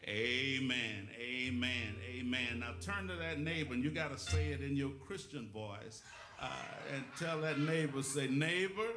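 A man's voice: mid-range voice, roomy sound. A male pastor preaching a call-and-response sermon, rhythmic and calling on the congregation for witnesses. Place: church sanctuary.

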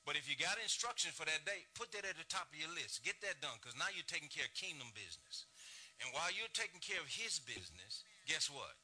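A man's voice: fairly high pitch, big pitch swings, brisk, sharp tone, slightly rough. A middle-aged man preaching a sermon as pastor, folksy and rising and falling in his delivery.

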